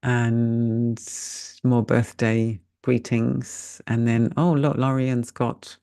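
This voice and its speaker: A woman's voice: a bass voice, flat delivery, very slow, warm tone, clear, resonant tone. A woman in her later years, a meditation teacher, chatting casually and laughing at herself while closing a live online session over a video call. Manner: chatty and self-deprecating, laughs easily.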